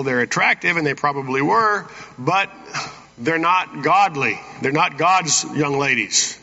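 A man's voice: on the high side, pushed and bright. A man preaching a sermon in a church, reading verses and asking the congregation "Amen?" between points. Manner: folksy preaching with frequent "Amen?" asides. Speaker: pastor. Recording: dull reverberant church hall sound.

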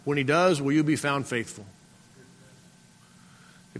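A man preaching a sermon as pastor, exhorting and repeating himself, often clearing his throat and calling out for an amen. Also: on the high side, measured pace. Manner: repetitive, exhorting, calls out "Amen?". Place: church sanctuary. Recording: long church-hall reverb.

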